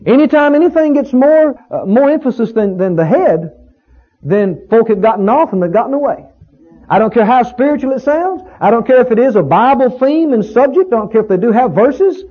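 A man's voice: very high-pitched, animated, fairly quick, slightly rough, dull audio. A man preaching a sermon in a church, emphatic, repeating key words and rising on exclamations. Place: church sanctuary.

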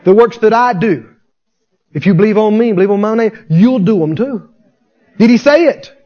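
A man's voice: very high-pitched, a little mellow. A man preaching a fervent sermon, firing rhetorical questions at his congregation and answering them himself. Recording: dull lo-fi sermon recording.

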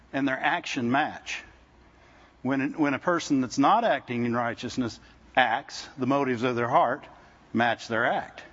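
A man's voice: medium pitch, husky, dull audio. A man preaching to a congregation as a visiting speaker, talking conversationally with frequent restarts and often calling out "Amen?" to the room. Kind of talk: sermon. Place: church service with congregation.

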